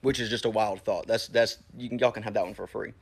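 Animated male preacher. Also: fairly low pitch, fast talker, gravelly, slightly rough. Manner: animated, conversational, talks straight to the congregation. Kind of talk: casual sermon.

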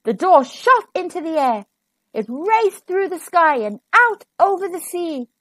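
A woman reading a children's storybook aloud in an expressive, animated way. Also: very high-pitched, unhurried, no echo.

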